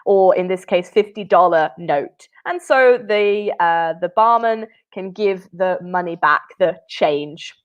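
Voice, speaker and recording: A woman's voice: on the low side, slow, hardly any pauses. A woman teaching an online English lesson, upbeat and encouraging, praising answers often. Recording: dull lo-fi webinar audio.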